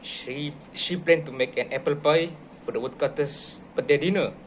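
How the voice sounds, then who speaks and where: A man's voice: fairly high pitch, normal speed, slight background noise. A man acting as a student, politely answering questions in a hesitant way. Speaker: student in a classroom role-play.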